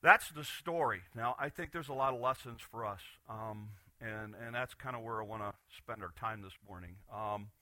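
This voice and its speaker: A man preaching a Sunday morning sermon as pastor, retelling a Bible story with animated voices for the people in it. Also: fairly low pitch, moderate pace, few pauses, no echo.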